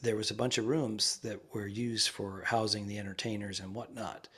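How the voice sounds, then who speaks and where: A man co-hosting a comedy podcast, chatting casually from a quiet room in a busy guest house. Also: lowish voice, little pitch movement, moderate pace, husky. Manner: rambling, drops to a hushed voice. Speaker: podcast co-host.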